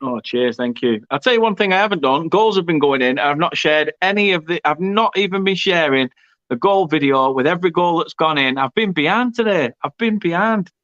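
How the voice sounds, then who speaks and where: Reading viewer comments during a live football watchalong, a man jokes and chats, often stumbling and saying words twice. His voice is a little high, expressive, fairly quick and slightly bright. The stream audio is dull and lo-fi, with no room sound.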